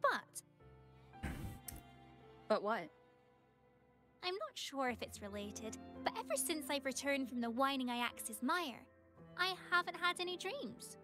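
A woman's voice: high-pitched, sing-song, slow, pauses often, over music, heavily acted. A woman voicing an upbeat young female delivery team captain in a game, friendly and chatty. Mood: worried. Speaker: game character. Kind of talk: game voice acting.

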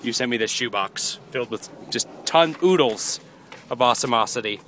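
A man vlogging casually outdoors, rambling excitedly about birthday gifts and giggling often. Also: mid-range voice, normal speed, slight background noise. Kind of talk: casual chat. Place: outdoors near a parking lot.

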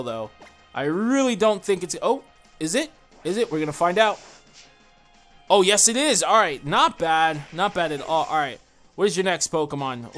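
Young guy narrating his game, excitable and chatty, talks to himself, bit higher pitched, quiet game music under him. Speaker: gaming YouTuber. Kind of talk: let's play commentary. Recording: faint game music behind.

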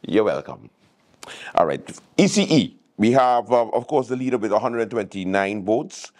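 A man's voice: lowish voice, expressive, moderate pace, darkish tone. A man hosting a late-night show, teasing people in a comic monologue. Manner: teasing, joking.

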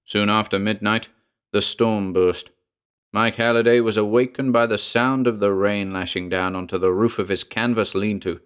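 A man narrating a horror story in a measured, dramatic storytelling voice. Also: fairly low pitch.

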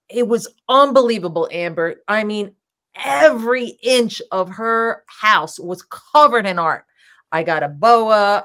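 A woman guest telling rambling, filler-heavy anecdotes with frequent laughter in a casual interview. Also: mid-range voice. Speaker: guest, drag king performer.

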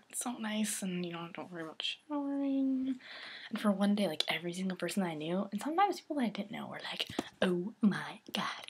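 A woman's voice: on the low side, breathy edge. A teenage girl vlogging casually to her camera, rambling and giggly, often dropping into a whisper. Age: teens.

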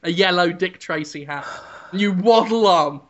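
A man's voice: high-pitched, normal speed, fairly bright tone, dull audio. A man from the UK co-hosting a comedy podcast, rambling and meandering as he builds a silly bit. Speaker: podcast co-host. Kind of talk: casual comedy podcast chat.

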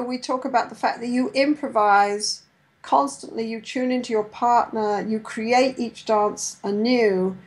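A middle-aged woman giving a lecture on couple therapy, sometimes acting out therapist and client lines in a gentle voice. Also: on the high side, poor audio. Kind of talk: lecture with role-played therapy dialogue.

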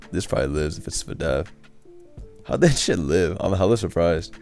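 A man's voice: low-pitched, sing-song, moderate pace, vocal fry, a little mellow. A young man casually commentating his own competitive game, laid-back, swearing and laughing as he trash-talks. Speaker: gaming streamer. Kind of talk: casual live commentary over gameplay. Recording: faint background music.

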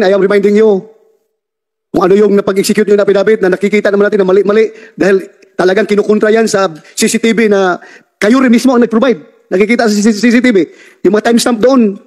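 A man's voice: high voice, little pitch movement, rapid-fire, darkish tone. A man chairing a hearing, sternly pressing a witness with questions and reminders to tell the truth. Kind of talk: hearing interrogation. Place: hearing room.

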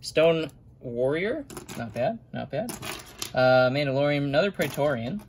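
A man's voice: on the high side, lively intonation, unhurried, a little hiss or hum. A young adult man, a vlogger, rambling in casual running commentary while sorting toy figures, muttering little asides to himself.

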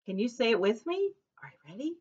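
A woman's voice: on the high side, sing-song, fairly quick, darkish tone, breathy edge, highs cut off. A woman preschool teacher reading a picture book aloud to young children, with a cheerful sing-song voice that leads call-and-response chants.

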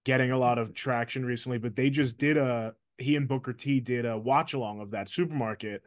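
A man's voice: mid-range voice, fairly quick. Male host, enthusiastic, keeps the questions coming. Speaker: interview host. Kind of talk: casual interview.

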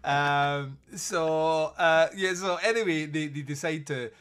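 A man's voice: a little high, slow, fairly bright tone, clean tone. Giggly man rambling through a film recap. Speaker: podcast host. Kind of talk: casual film review chat.

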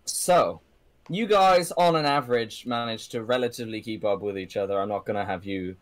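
A man narrating as game master of a tabletop game, halting and full of ums and restarts. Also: fairly low pitch, dry recording.

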